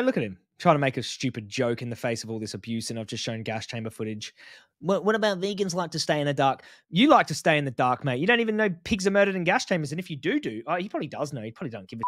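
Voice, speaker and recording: A man's voice: mid-range voice, dry recording, clean studio sound. A man giving casual reaction commentary as a vegan activist, blunt and mocking, often calling people "mate".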